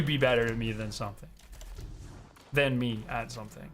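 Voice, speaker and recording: A young man chatting casually on a gaming stream, ranting and swearing with animated energy. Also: mid-range voice, normal speed, slight background noise.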